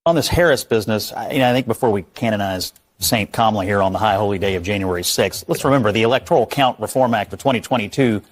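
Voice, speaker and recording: Fast-talking man arguing on a panel. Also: fairly low pitch. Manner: pointed, argumentative, dry irony. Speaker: panel commentator. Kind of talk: cable news panel debate.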